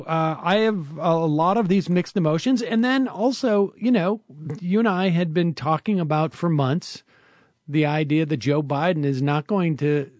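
Middle-aged male host, slightly high voice, dry close sound, musing and halting political talk. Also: a little mellow, no echo. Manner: reflective, halting, many restarts. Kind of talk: political commentary chat.

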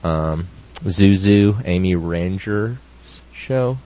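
A man, a comedian guest, making dry wisecracks in a casual chat with a drawn-out delivery. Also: low voice. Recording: dull lo-fi podcast audio.

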